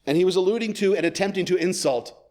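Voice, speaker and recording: Lighthearted man preaching, a bit high-pitched. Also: fast talker, darkish tone. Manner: conversational, with joking asides. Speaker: rabbi, guest preacher. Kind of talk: sermon. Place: church sanctuary.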